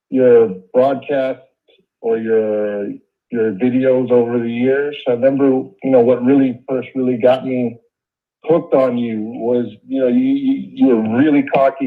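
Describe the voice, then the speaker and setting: Guy calling in, halting and repeating himself, tinny phone line sound. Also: medium pitch. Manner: hesitant, restarts and repeats words. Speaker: caller. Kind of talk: phone-in question to a host.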